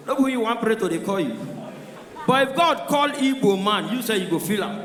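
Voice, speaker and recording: A high-voiced man with a Nigerian accent does a stand-up comedy routine, telling his stories in Pidgin. He acts out the characters as he goes. He is heard from far off in a roomy hall with a long echo. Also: quick pace, fairly bright tone. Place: live comedy show venue.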